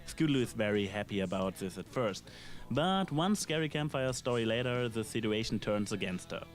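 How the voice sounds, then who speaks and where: A man reading a scripted episode review in a measured, analytical way, with dry asides. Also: lowish voice, expressive. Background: faint background music.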